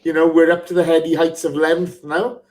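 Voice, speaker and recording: A man's voice: on the high side, little pitch movement, a little fast, a little mellow. Chatty man hosting a podcast. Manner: chatty, laughs often, reads out listener messages. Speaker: podcast host. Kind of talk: casual live football podcast chat.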